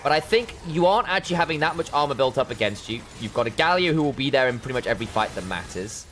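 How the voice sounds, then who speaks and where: A man casting a live esports match, breaking down item choices in detail, chatting with viewers and breaking into excited shouts during fights. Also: medium pitch, quick pace, slight background noise. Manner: analytical, chatty with viewers, bursts of excitement on plays. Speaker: esports caster.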